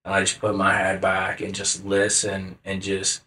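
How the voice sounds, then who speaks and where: A man's voice: low voice, completely flat delivery, moderate pace, sharp tone, reverberant. A young man co-hosting a casual podcast chat, rambling with lots of filler words and swearing. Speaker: podcast co-host.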